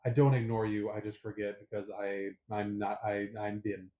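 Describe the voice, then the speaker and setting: A man's voice: fairly low pitch, little pitch movement, moderate pace, narrow, tinny audio. A young man co-hosting a casual podcast chat, teasing his friend in a playful manner. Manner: playful, teasing, puts on voices in anecdotes. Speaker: podcast co-host.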